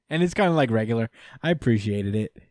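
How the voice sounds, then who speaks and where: A man's voice: mid-range voice, animated, fairly quick, darkish tone, dry recording, clean studio sound. A man hosting a casual podcast, recapping with lots of fillers and acted-out quotes. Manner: rambling recap, many fillers, acts out quotes. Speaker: podcast host.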